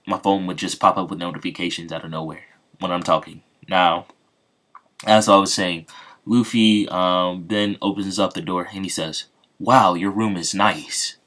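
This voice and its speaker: Low-voiced man casually telling a story. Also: fairly even intonation, moderate pace, a bit bright. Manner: loose, off-the-cuff retelling with asides to viewers. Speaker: channel host. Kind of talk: casual improvised fan-fiction storytelling.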